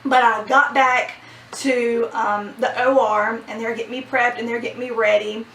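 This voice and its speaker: A young woman vlogger telling a personal story in a casual, animated way, laughing often. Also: a little high, moderate pace, a little hiss or hum. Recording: roomy sound from a distant mic.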